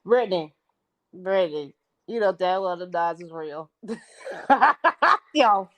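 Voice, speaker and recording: A woman's voice: lowish voice, slow, highs cut off. A woman co-hosting a podcast in casual chat, blunt and profane, laughing often. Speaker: podcast co-host.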